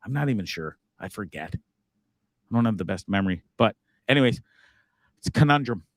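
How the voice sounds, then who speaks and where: A man's voice: lowish voice, lively intonation, moderate pace, no echo. A man hosting a live show, talking casually with a profane, rambling manner. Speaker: host.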